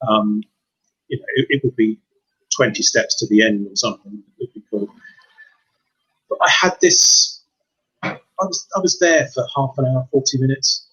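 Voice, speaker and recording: A man in his fifties, a podcast guest, telling his personal story in a halting, reflective way. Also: medium pitch, fairly bright tone, husky, low-quality recording. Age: 50s. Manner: reflective, halting with repeated restarts. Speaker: guest, mindset coach.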